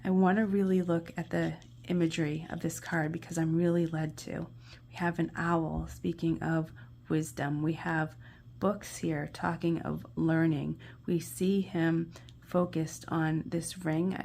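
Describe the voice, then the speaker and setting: A woman giving a gentle, encouraging tarot reading, often dropping into soft whispers as she studies the cards. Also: deep voice, little pitch movement, gravelly, slight background noise. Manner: encouraging, pauses to study card imagery. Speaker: tarot reader. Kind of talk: pick-a-card tarot reading.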